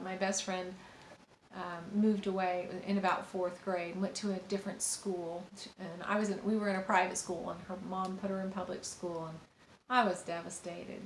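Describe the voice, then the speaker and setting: Gentle rambling woman in an echoey room. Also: medium pitch. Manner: gentle, rambling, many fillers and restarts. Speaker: parenting teacher. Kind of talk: informal teaching monologue with anecdotes. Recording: echoey room with faint ambient noise.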